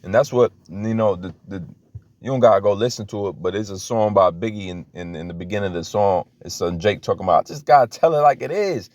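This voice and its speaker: A man's voice: low-pitched, steady tone, fast, darkish tone, no echo. A young man giving a loose, conversational teaching talk as a preacher, full of restarts and fillers. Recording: dry, dull lo-fi audio.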